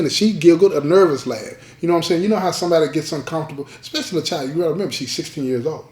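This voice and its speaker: A male podcast host tells a story in a loose, conversational way, often repeating a line for weight and asking his listeners if they follow him. His voice sits a little high for a man. The recording has a roomy echo. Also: racing, hardly any pauses, darkish tone. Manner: repeats key lines, checks in with listeners. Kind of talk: casual spoken storytelling.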